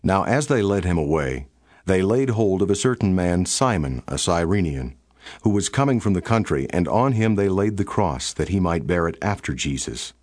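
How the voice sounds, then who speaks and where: A man narrating a Bible passage in a steady, formal storytelling cadence. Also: sits low, moderate pace, dry recording, clean studio sound. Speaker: scripture narrator. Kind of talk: scripted Bible reading.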